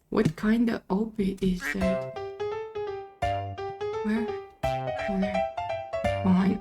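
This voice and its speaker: A young woman with a non-native English accent chats through a game at an unhurried pace, her voice sitting a little high. She gets excitable and squeals when she slips. Music plays clearly underneath her. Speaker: gaming channel host. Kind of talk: casual gameplay commentary. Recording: music playing behind the voice.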